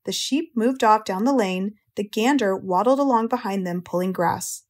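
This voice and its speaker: An American woman narrates a children's audiobook at a medium pitch. Her storybook delivery is slow, clear, and gentle.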